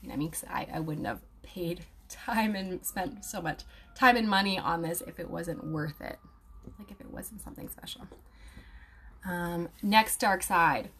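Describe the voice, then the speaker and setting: A young woman, an aromatherapy student who hosts live streams, speaks at normal speed in a fairly low, fairly bright voice against slight background noise. She chats casually and reads viewer comments aloud, full of fillers and laughter.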